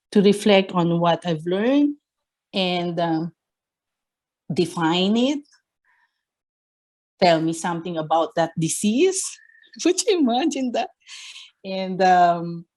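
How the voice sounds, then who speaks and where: Slow-spoken Filipino woman telling her story. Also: on the low side, darkish tone. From Philippines. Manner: hesitant with many fillers, acts out quoted dialogue. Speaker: nurse interviewee. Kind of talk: conversational storytelling interview.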